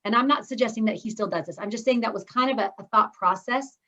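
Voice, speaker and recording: A woman speaking coach teaching an online course, talking fast and breaking it up with pauses and stressed words. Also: fairly high pitch, fairly bright tone, dull audio. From Scotland. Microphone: video call.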